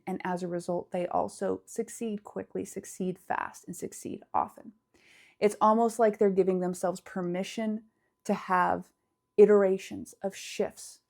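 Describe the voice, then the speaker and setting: A woman talks through success and mindset as a calm, reflective coach. Her voice is mellow and warm at a middling pitch. She repeats phrases for emphasis and at times lets her words fall to a near-whisper. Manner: slow, measured, repeats phrases, drops to soft near-whispers. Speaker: spiritual business coach. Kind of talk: reflective motivational monologue.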